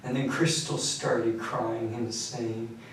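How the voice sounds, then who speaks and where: Flat-voiced young man, echoey and distant. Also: mid-range voice. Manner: flat, halting and detached, with many pauses and fillers. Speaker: suspect giving a police confession. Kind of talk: recorded police interview. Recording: echoey room recording from far off, faint hiss.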